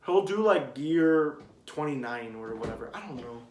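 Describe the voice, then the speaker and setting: Excitable guy rambling in an echoey room. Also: medium pitch, normal speed, a little hiss or hum. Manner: excitable, swearing, trails off into sighs. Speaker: manga video creator. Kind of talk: casual rambling review.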